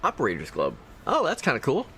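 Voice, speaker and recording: A man narrating his own gameplay in a loose, chatty stream, his pitch bouncing freely up and down. He reads item names and skill text aloud between playful jabs at his viewers. His voice sits at an ordinary middle height, with a faint bed of room noise underneath. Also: huge pitch swings, quick pace, fairly bright tone. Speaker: livestreamer. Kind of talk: casual gameplay commentary.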